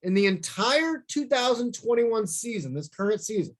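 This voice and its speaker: A man from St. Louis giving a storytelling talk, animated and self-deprecating, acting out quoted lines in bursts. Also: high voice, normal speed. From St. Louis, USA.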